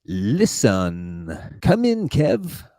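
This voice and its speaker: A man's voice: on the low side, wildly swooping pitch, very slow, dark tone, no echo, studio quality. A man hosting a comedy podcast in a playful, hammy manner. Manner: playful, hammy, repeats a catchphrase. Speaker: podcast host.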